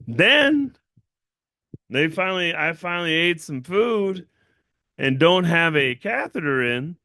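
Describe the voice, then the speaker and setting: Brief: male host, bright forceful voice, dry close sound, profane animated storyteller. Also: fairly high pitch, a little slow, vocal fry, no echo. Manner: blunt, profane and animated, acting out the voices of other people. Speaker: channel owner and host. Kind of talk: casual livestream storytelling.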